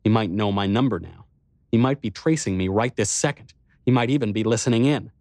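A man narrates a novel in the first person, with a measured and introspective delivery. His voice sits on the low side. The recording is close and dry, with no room sound. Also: a little mellow, dry recording. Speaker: audiobook narrator.

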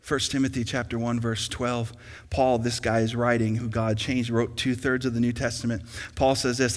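A young man preaching a sermon as pastor in a church, emphatic and rising to loud peaks, with an easy storytelling manner. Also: mid-range voice, flat delivery, normal speed. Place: church sanctuary. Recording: long hall reverb.

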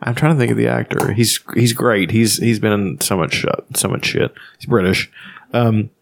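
A man's voice: on the low side, steady tone, normal speed, creaky. A man chatting casually on a podcast, rambling and swearing freely as he retells movies. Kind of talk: casual chat.

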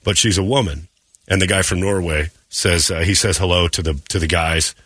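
A man's voice: low voice, normal speed, a bit bright, no echo. A man hosting a morning radio show, telling stories in crude, joking, casual talk on a studio microphone.

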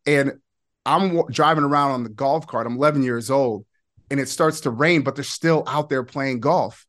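A man in his forties telling a personal story as a podcast guest, excited, with quick bursts and laughing asides. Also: mid-range voice. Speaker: podcast guest, former player. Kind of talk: animated storytelling.

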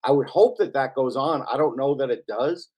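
A man with a mid-pitched voice co-hosts a sports podcast. He chats in an easygoing, agreeable way. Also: normal speed. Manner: relaxed, agreeable, conversational. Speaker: podcast co-host. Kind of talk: casual hockey podcast chat.

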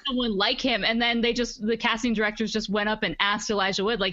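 A woman's voice: a little high, fast talker, hardly any pauses, a bit bright, lo-fi sound. A woman co-hosting a podcast, enthusiastic and rambling in casual chat. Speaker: podcast co-host.

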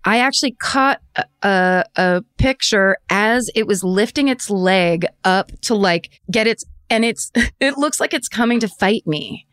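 A woman's voice: medium pitch, measured pace, a bit bright, clean tone, no room sound, studio quality. A woman in her forties co-hosting a podcast from home over a video call, telling stories in a casual, laughing way. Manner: chatty storyteller, laughs often. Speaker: podcast co-host. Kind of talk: casual chat. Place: home room. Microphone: remote video call.

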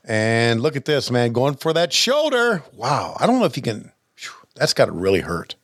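Older man, lively halting podcast chat. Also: medium pitch, no echo, clean studio sound. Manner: halting, stammering, chuckles often. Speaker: podcast host. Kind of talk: casual chat over old wrestling footage.

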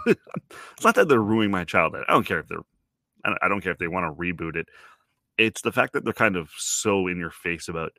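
A man's voice: low-pitched, lively intonation, a little fast, bright, forceful tone, no echo, studio quality. A man from Toronto in his thirties hosting a podcast, rambling through a wry, self-deprecating monologue and swearing casually. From Toronto, Canada. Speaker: podcast host.

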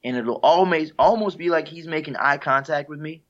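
A man's voice: on the high side, a little fast. A man, a guest musician, talking casually and reflectively in an interview, sharing heartfelt stories with an easy laugh. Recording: dull lo-fi sound.

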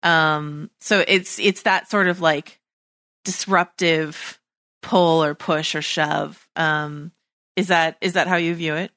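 A woman's voice: low-pitched, fairly even intonation, slow pace, pushed and bright, no room sound, clean studio sound. A woman hosting a casual podcast conversation, enthusiastic, searching for words with many likes and ums.

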